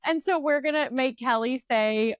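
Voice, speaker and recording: A woman co-hosting a book podcast in casual chat, bubbly and quick to laugh. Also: sits high, clear, resonant tone, no room sound, muffled recording. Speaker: podcast co-host.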